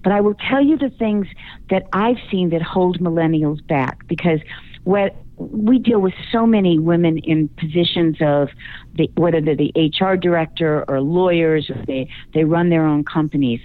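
A woman coach talks down a thin, phone-like line, her voice sitting a little low. She makes her points with emphatic, coaching confidence, like a guest on a radio interview. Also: moderate pace. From Chicago, US.

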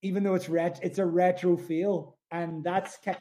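High-voiced Irish musician, rambling. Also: male voice, flat delivery, normal speed, mellow. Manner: rambling, full of "like" and "you know". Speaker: musician guest. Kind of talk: casual interview chat.

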